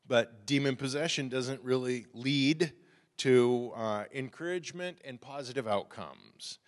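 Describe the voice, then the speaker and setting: A man preaching a sermon in a conversational, animated storytelling way. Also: mid-range voice, measured pace. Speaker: pastor. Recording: reverberant hall.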